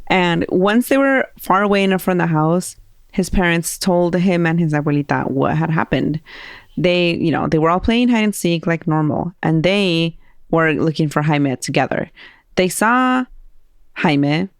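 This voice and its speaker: A woman hosting a podcast, telling a spooky story in a casual, animated way and acting out the voices of people in it. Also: on the low side, measured pace, no echo, studio quality. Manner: animated, laughing, acts out quoted voices.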